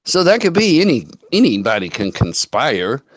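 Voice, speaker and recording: A man's voice: medium pitch, huge pitch swings, normal speed, no echo. A man hosting a casual online chat, telling folksy stories and acting out what people said. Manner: folksy storyteller, quotes people in dialogue.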